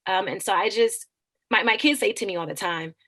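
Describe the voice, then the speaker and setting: A woman teacher and author talking earnestly in an interview, animated and preachy, often restarting her words. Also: mid-range voice, a little fast. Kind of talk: conversational interview.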